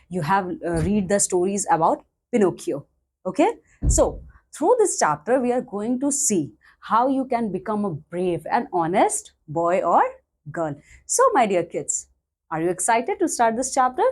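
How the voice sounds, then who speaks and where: A woman's voice: mid-range voice, big pitch swings, a little mellow. A woman teacher explaining a storybook chapter to young children, checking in with "okay?" after almost every phrase. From India. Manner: explains slowly, checks in with 'okay?' constantly. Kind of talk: classroom lesson explanation.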